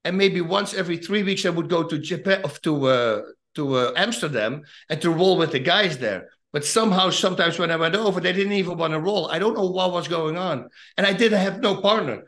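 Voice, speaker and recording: A middle-aged man with a Dutch accent, a retired fighter telling lively stories as a guest and acting out the voices in them. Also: high-pitched, fairly quick, few pauses. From Netherlands. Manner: animated, acts out voices in his anecdotes. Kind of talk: casual storytelling.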